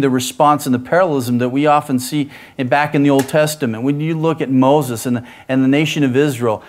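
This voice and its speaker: A male pastor preaching a sermon with an animated, rhetorical delivery. His voice sits on the higher side for a man, and he keeps checking in with quick "right?" asides.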